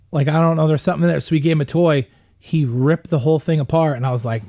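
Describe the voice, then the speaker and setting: Brief: middle-aged man, fairly high voice, loose anecdotal delivery, swears a lot. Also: fairly even intonation, fast, darkish tone. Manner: rambling anecdotal storytelling with swearing. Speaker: podcast guest. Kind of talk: casual chat.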